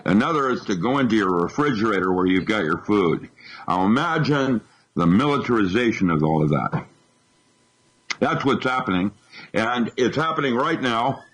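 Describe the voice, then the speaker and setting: A man's voice: on the low side, animated, normal speed, a bit bright, slightly rough, low-quality recording. A man speaking as a radio show guest, alarmed and emphatic, restarting phrases as he hunts for words. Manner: alarmed, emphatic, repeats himself when searching for words. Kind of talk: talk radio interview.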